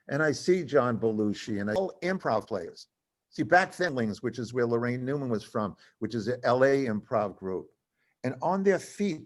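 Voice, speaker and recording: Older man telling lively stories. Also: mid-range voice. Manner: animated, acts out other people's voices in quotes. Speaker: comedy writer telling stories to an audience. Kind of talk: live storytelling talk. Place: cultural center venue, live event.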